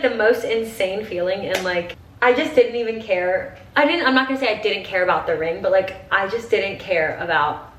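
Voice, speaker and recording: A woman's voice: a little high, fairly bright tone, recorded from a distance. Young woman, 20s, chatty get-ready-with-me vlogger; gushing, filler-heavy, teary; roomy room sound. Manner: chatty, gushing, says "like" constantly. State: teary, crying at times.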